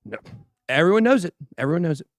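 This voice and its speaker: A man with a drawl talks on a livestream, his voice sitting a touch high for a man. He jokes, brags and banters between news items in a loose, casual way. The sound is dry and close, with no room echo. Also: big pitch swings, fast talker. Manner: joking, boastful banter with crew and chat. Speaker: host of a crypto news livestream.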